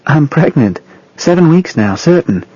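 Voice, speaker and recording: A man reading an audiobook, voicing a bold, affectionate young woman in a slightly raised, soft voice, on a lo-fi recording. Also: a little high, very animated, a little slow, husky, voice pushed up, full character voice. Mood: tender.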